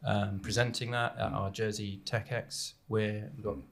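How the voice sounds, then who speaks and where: A man's voice: fairly low pitch, flat delivery, unhurried, vocal fry, slight background noise. Rambling man hosting a podcast. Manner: rambling, many filler sounds and restarts. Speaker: podcast host. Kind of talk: casual podcast chat. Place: recording studio on the island of Jersey.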